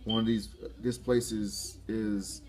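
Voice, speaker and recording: A man giving a casual motivational talk to camera, excitable, laughing often and restarting his phrases. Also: fairly low pitch, takes it slowly. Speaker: motivational vlogger.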